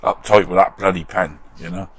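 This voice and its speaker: A man's voice: low voice, fairly even intonation, normal speed, husky. A British man hosting a model restoration channel, chatting casually in his shed workshop and reading out viewer comments with self-deprecating humour.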